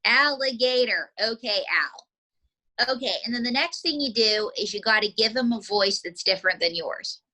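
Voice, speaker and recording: A woman ventriloquist teaching a beginner in an upbeat, coaching way with quick asides. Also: fairly high pitch, pushed and bright.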